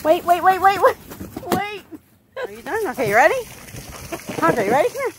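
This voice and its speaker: A woman's voice: extremely high pitch, big pitch swings, normal speed, long pauses, background noise. A woman by an outdoor pool, filming and coaxing her dog with laughter, recorded on a handheld phone. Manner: coaxing, laughing, sing-song. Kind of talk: casual chat with her dog.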